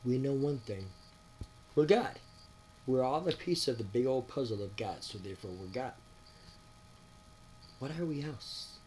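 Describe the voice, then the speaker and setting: A man of middle pitch talks straight to his viewers in a loose, preachy monologue. He keeps asking rhetorical questions. His voice jumps from loud bursts to low mutters. A faint hum sits behind him. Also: lively intonation, moderate pace, long pauses. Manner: rambling and preachy, swinging between loud outbursts and quiet mutters; addresses listeners with rhetorical questions. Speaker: spiritual vlogger. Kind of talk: casual spoken monologue to viewers.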